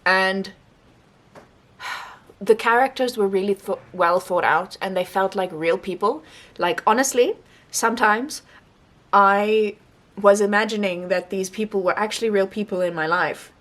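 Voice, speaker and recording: A young woman book vlogger giving a casual, rambling monthly reading wrap-up, animated and laughing often. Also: mid-range voice, unhurried.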